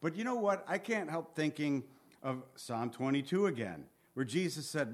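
A man's voice: fairly high pitch, animated, normal speed. A man teaching through a book of the Bible, reading scripture aloud, acting out its pleas and turning to his listeners with conversational asides. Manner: earnest, reads scripture aloud and acts out the pleas.

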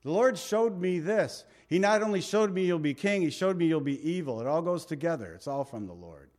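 Walking through scripture verse by verse, a man in the pulpit tells the story with conversational animation. He reads the passages aloud at a slow pace and sinks his voice low when he wants emphasis.

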